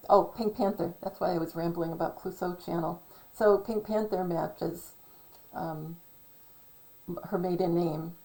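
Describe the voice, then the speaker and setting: A middle-aged woman talking in a rambling, casual monologue, hesitant and full of ums and self-corrections, a little hoarse from losing her voice. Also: lowish voice, mellow, rough recording. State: losing her voice, clearing throat. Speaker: channel host.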